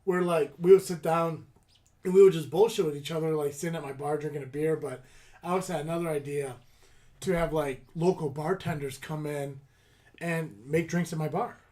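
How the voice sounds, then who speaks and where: Rambling man, slightly high voice. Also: fairly even intonation, moderate pace, warm tone. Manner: rambling, with many fillers and restarts. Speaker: podcast host. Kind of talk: casual chat.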